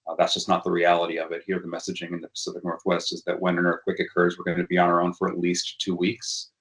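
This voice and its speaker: A man's voice: low voice, completely flat delivery, fast talker, a bit bright. A man giving a workshop presentation, talking hesitantly with frequent fillers and restarts. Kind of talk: educational workshop talk.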